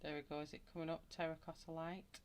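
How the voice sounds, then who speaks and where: A woman's voice: low voice, little pitch movement, fast talker, slight background noise. A woman with a Wigan accent, chatting casually to live viewers while she colours, greeting them by name and rambling along. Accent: Wigan, Lancashire. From England. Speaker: colouring channel host.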